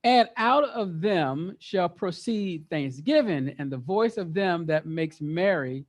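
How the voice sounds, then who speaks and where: High-voiced man teaching a Bible study. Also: normal speed, few pauses. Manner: lively, quizzes the group, repeats words for emphasis.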